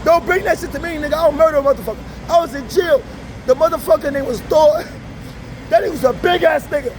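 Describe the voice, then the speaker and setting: A man telling wild personal stories in a casual, profane, laughing manner, outdoors by a street. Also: very high-pitched. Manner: profane, laughing, animated storytelling. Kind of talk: casual storytelling. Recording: loud street traffic noise.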